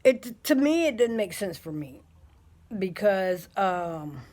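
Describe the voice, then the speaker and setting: A woman's voice: mid-range voice, big pitch swings, takes it slowly, darkish tone. Blunt, chatty middle-aged woman vlogger. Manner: blunt, chatty, lots of fillers and restarts. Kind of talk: casual talk to camera.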